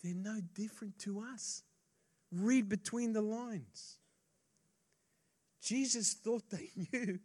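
A male pastor preaching a sermon, swinging between hushed asides and loud emphasis, and joking casually with the congregation. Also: high-pitched, slow, pauses often.

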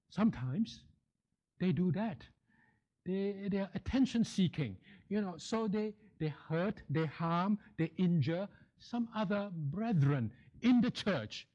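Slow-preaching man with a higher voice. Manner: emphatic, repeats phrases for stress. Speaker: pastor. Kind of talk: sermon.

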